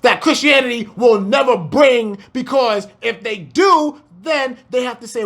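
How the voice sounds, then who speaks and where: A man's voice: extremely high pitch, unhurried, gravelly, hardly any pauses, a bit bright. A man preaching a fiery scripture breakdown, firing rhetorical questions and swearing as he exclaims.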